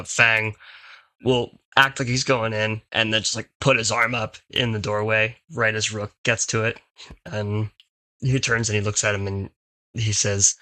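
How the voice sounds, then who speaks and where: Low, bright-voiced male player. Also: dry recording. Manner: descriptive, narrating his character's actions. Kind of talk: narrating a tabletop game.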